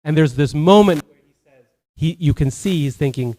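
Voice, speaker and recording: A man's voice: fairly high pitch, a little fast, a little mellow. A man giving a Sunday sermon as a temple speaker, telling stories conversationally, with many fillers and restarts.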